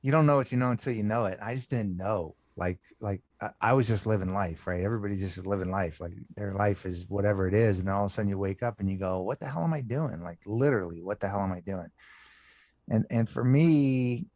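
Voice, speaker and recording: A middle-aged man, a podcast guest, candidly recounting his life with many halting restarts and repeated words. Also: on the low side, a little mellow, dry recording. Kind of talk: candid personal storytelling.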